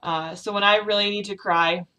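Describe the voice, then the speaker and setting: A young woman vlogging about her feelings, on the verge of tears, talking haltingly with many fillers and restarts. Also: medium pitch, fairly even intonation, bright, forceful tone. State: tearful, on the verge of crying. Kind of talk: personal confessional vlog.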